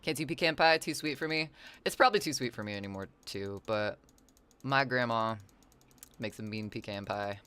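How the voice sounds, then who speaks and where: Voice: mid-range voice, normal speed, sharp tone, clear, resonant tone. A chatty streamer talks loosely over a game, drifting from one story to the next. Chat messages get read out and answered along the way. Silly wordplay slips in between the tangents. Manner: rambling and chatty, reads chat aloud and answers it; playful wordplay and silly asides. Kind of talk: casual live-stream chat while gaming.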